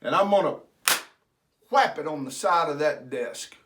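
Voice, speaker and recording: A man's voice: a little high, animated, unhurried, fairly bright tone. A man quoting a stern coach. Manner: gruff, commanding. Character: stern older male school coach.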